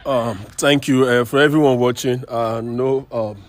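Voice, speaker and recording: A man, a guest on a talk show, telling his personal story in an emotional, halting way and repeating himself. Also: mid-range voice, fairly even intonation.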